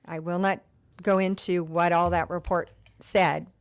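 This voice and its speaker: A woman who works as a county deputy, a guest on a talk show, telling warm and heartfelt stories from her work. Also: lowish voice, level tone, unhurried, clear, resonant tone. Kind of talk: storytelling in an interview.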